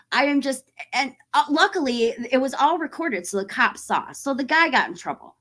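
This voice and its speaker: A woman in her forties chatting casually to camera as a horror YouTuber, animated and acting out other people's voices as she tells a story. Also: sits high, moderate pace. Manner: animated, acts out quoted voices.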